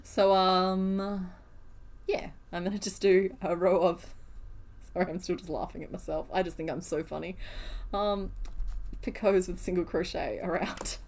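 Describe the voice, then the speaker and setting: A woman's voice: fairly low pitch, fairly even intonation, a little slow, darkish tone. Chatty woman streaming crochet. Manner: chatty, self-deprecating, answers chat questions. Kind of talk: casual live-stream chat while crocheting.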